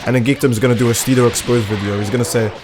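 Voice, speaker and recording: A man live-streaming a game, chatting casually with his viewers and reacting loudly to the gameplay in a crude, animated way. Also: medium pitch, very fast, over music. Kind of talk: casual live-stream commentary while gaming.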